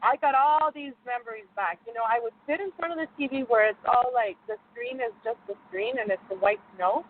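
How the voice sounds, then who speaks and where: A woman's voice: on the high side, fairly quick. Rambling woman on a phone line. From United States. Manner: rambling, animated, laughs often. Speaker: guest. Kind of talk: casual storytelling interview. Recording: muffled phone line with faint noise.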